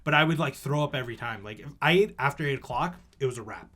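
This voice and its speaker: Young male podcast co-host, casual and animated, swears a lot, lively swings in pitch. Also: fast talker. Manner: animated storyteller, swears freely, acts out family voices. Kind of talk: casual chat.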